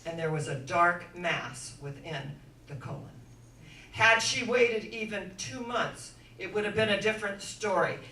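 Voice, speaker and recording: A woman giving an inspirational sermon-style talk, telling stories dramatically and swinging from hushed to loud. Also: mid-range voice, animated, unhurried, slight background noise. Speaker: inspirational speaker. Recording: echoey room, voice from far off.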